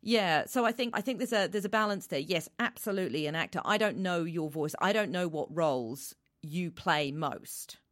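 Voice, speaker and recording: Woman, low register, producer type, conversational and rambling, dry recording. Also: expressive, normal speed, few pauses, fairly bright tone, no room sound. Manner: chatty, with many restarts and fillers. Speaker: voice reel producer. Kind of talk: casual interview talk.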